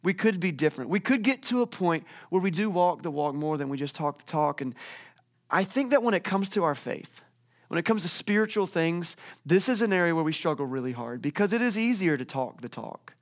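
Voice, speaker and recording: A male pastor preaching a sermon from a church stage, telling stories in a lively way with frequent restarts. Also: fairly high pitch, brisk. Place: church stage with a screen behind him.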